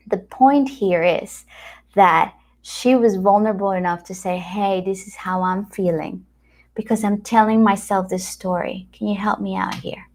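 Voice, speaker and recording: A woman, a spiritual teacher giving a casual talk to camera, telling stories and acting out the dialogue. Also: mid-range voice. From Latin America. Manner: animated storyteller who acts out quoted dialogue.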